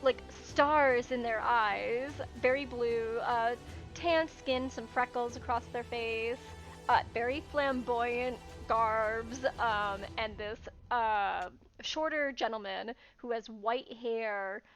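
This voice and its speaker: High-voiced woman running a game. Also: takes it slowly, a bit bright, faint music behind, low-quality recording. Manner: casual, descriptive, laughing often. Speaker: game master. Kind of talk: narrating a tabletop game.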